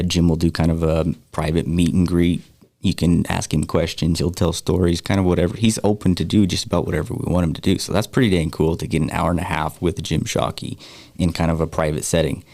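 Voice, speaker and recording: A man with a low, gravelly voice chats easily about an upcoming event. He talks loosely with plenty of ums and uhs. His voice sounds close and dry. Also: darkish tone, no echo. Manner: easygoing, promotional, filler-heavy. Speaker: guest, foundation organizer. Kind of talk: casual radio chat.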